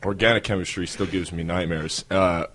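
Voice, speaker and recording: A man with a New York accent, a wrestler telling stories as a podcast guest in a relaxed way with many fillers. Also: sits low, moderate pace, a crowd in the background. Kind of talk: casual interview talk.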